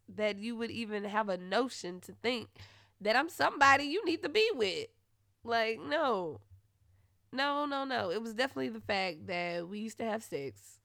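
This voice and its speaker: A woman hosting a podcast, telling a personal story in a blunt, profane way that swings into loud, heated retellings. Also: medium pitch, no room sound, clean studio sound. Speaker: podcast host. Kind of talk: candid storytelling monologue.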